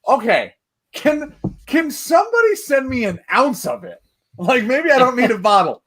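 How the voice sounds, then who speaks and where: A man hosting a casual whiskey chat, animated, swearing freely and laughing often. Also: very high voice, normal speed, slightly rough, low-quality recording. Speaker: podcast host.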